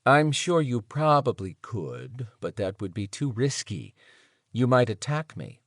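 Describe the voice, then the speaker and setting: A man voicing a smooth-voiced, mysterious male captor who speaks with calm condescension. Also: mid-range voice, no room sound, studio quality. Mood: cold. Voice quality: smooth, hushed. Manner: measured, condescending.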